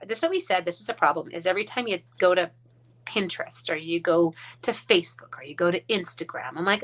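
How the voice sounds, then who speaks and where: A woman's voice: on the low side, animated, fast, fairly bright tone. A woman from Canada chatting casually through a live-stream craft demo, rambling, muttering asides under her breath and talking to her dogs. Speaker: card-making demonstrator.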